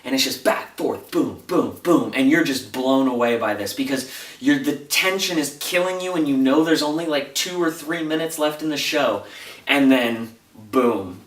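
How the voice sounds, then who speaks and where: Man, TV reviewer, animated retelling, roomy echo, distant mic. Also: mid-range voice, moderate pace. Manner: animated, breathless retelling with rising intensity. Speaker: TV episode reviewer. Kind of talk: excited casual episode recap.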